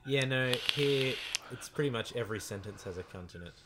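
A man's voice: mid-range voice, fairly quick, a bit bright, rough recording. An Australian man chatting casually, teasing his guest with dry jokes and laughing often. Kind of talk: casual chat.

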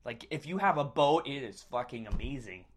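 A man chatting casually on a podcast, an animated storyteller who swears freely and loudly acts out the people he quotes. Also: medium pitch, fairly quick. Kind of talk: casual chat. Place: vacation spot by a lake.

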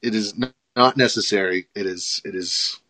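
A man hosting a casual livestream chat, animated and quick, laughing often. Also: on the low side. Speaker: host.

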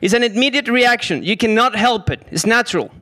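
A man's voice: very high voice, lively intonation, a little fast, sharp tone, dry recording, studio quality. A man from South America, doing a stand-up set and teasing the audience. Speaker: stand-up comedian.

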